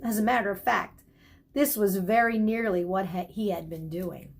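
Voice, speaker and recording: A woman reading a children's novel aloud in calm, expressive narration. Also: mid-range voice, moderate pace, slightly rough. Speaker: audiobook reader. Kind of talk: storybook narration.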